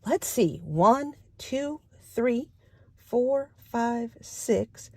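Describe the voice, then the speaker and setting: A woman's voice: fairly high pitch, lively intonation, very slow, husky. A middle-aged woman, a storytime librarian, demonstrating a picture-book read-aloud for young children and inviting them to call out sound words.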